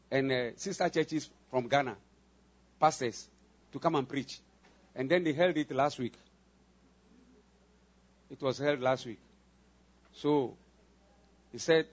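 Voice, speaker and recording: A fairly high-voiced man from West Africa gives an earnest church testimony about his mission work. He repeats phrases and punches certain words with sudden emphasis. The recording is dull and lo-fi. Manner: earnest, repetitive, with emphatic bursts and sound imitations. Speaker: visiting pastor giving a mission report.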